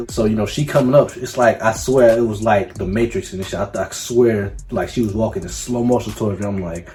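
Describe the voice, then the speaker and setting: A young man telling a story on his vlog in a casual, profane, animated way, full of slang. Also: lowish voice, fairly quick, faint music behind. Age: young adult. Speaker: YouTuber.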